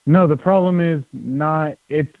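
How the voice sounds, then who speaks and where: A man's voice: on the high side, unhurried, dry recording. A man in a casual podcast conversation, talking in an opinionated, conversational way. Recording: dry tinny phone-like sound.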